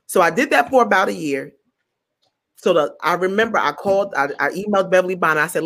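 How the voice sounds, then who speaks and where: Animated woman comedian telling a story. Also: mid-range voice, quick pace. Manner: animated, acts out quotes in other voices; stumbles and repeats words. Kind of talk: storytelling in an interview.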